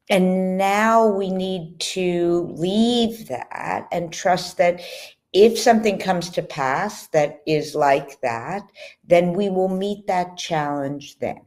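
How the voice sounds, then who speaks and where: Calm, low-voiced woman speaking slowly. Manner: calm, measured. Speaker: author and guest. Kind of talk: thoughtful explanation.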